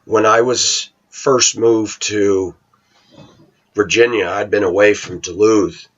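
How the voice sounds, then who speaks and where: A man's voice: lowish voice, fairly even intonation, slow pace. A middle-aged man talking to his viewers in a rambling, opinionated monologue. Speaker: vlogger. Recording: dull lo-fi recording.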